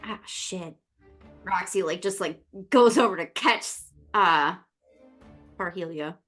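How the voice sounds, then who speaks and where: A woman's voice: on the low side, a little slow, fairly bright tone, soft background music. A woman player in a tabletop game, rambling with lots of fillers. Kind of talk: casual tabletop chat.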